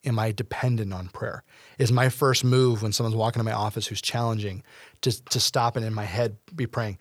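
A man's voice: on the low side, fairly even intonation, a little fast, no echo, clean studio sound. A man hosting a casual faith discussion, talking earnestly at length with playful asides.

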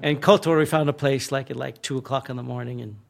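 A man's voice: medium pitch, fairly even intonation, quick pace, gravelly. A young American man telling a wild travel story in casual conversation, laughing often and swearing freely. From United States. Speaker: guest telling travel stories.

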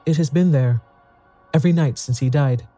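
Reader voicing a frightened, stubborn sister in a ghost story, dark voice. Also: moderate pace, no room sound, soft background music, lightly acted. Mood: terrified. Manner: shrill, obstinate. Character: terrified, insistent woman, Rebecca.

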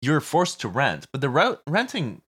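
A man's voice: medium pitch, wildly swooping pitch, moderate pace, fairly bright tone, breathy edge, dry recording, studio quality. A man with a Canadian accent co-hosting a casual political chat show, talking bluntly and swearing for emphasis. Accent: Canadian English. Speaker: podcast co-host.

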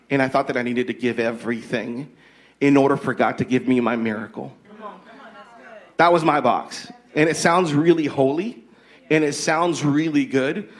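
Earnest man speaking with preacher-like emphasis. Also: medium pitch. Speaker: guest, husband. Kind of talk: faith-based conversation.

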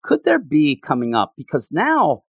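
A podcast co-host chats through a story recap with a lively voice that swoops up and down in pitch. The talk rambles, with frequent restarts, and the sound is very dry and close. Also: moderate pace, creaky, husky, no echo. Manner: rambling, restarts often, animated retelling. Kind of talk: casual recap discussion.

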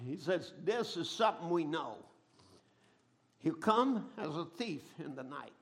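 A middle-aged man preaching a sermon, telling stories dramatically and swinging from a hush to a shout. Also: a little high, lively intonation, a little slow. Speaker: pastor.

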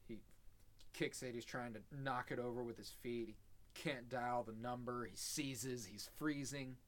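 A man in casual podcast chat, retelling a TV episode with lively swearing. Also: mid-range voice, measured pace. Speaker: podcast host.

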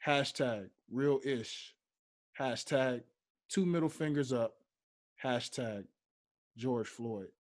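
Slow, deliberate male podcast host. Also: mid-range voice. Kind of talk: solo podcast monologue.

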